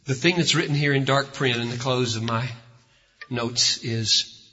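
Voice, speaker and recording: A man preaching a sermon as pastor, emphatic, building to loud, slow declarations. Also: medium pitch, breathy edge. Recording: lo-fi recording in a reverberant hall.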